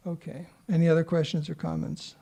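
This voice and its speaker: Gravelly man leading a scripture class. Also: fairly high pitch, completely flat delivery, fairly quick, mellow. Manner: chatty, rambling storytelling. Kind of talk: informal scripture class with questions.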